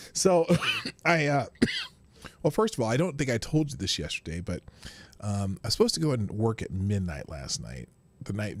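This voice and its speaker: A man hosting a casual live stream, rambling about his day and greeting viewers by name. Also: fairly low pitch. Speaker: livestream host.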